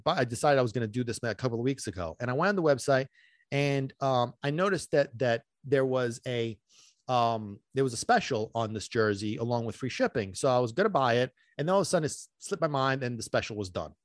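A man hosting a podcast, telling a long story in an animated, rambling way that swings between loud bursts and muttered asides. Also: medium pitch, a little fast, no room sound, studio quality. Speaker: podcast host.

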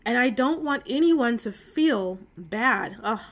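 A woman's voice: fairly high pitch, expressive, slow pace. A woman hosting a casual faith talk on a call, earnest and emotional, chatty with many fillers and asides. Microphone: phone call.

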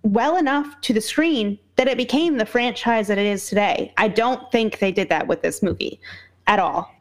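Female podcast co-host, a bit high-pitched, emphatic and profane, casual chat. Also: normal speed. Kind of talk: casual movie review chat.

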